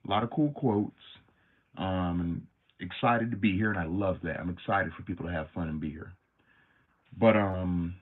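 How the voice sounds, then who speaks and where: Brief: lower-pitched male streamer, slangy and animated, tinny phone-like audio. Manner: animated, slangy, many fillers. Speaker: livestream host. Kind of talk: casual livestream storytelling.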